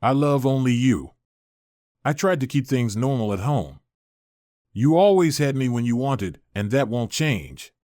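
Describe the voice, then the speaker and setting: A man voicing a calm, self-justifying unfaithful wife in a told story, with a measured, even delivery. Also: mid-range voice, dry recording, studio quality, lightly acted. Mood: calm pleading. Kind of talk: storytelling narration.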